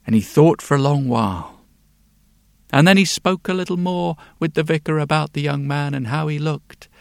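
A man telling a folk tale in an unhurried way, pausing for effect and giving the characters their own voices. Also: a little high, creaky, no echo, clean studio sound. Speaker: storyteller.

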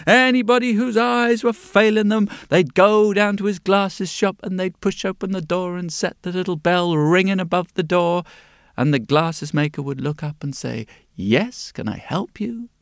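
Slow, gravelly male storyteller. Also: high-pitched, dry recording, clean studio sound. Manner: gentle, unhurried, repeats words for effect. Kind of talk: bedtime-story narration.

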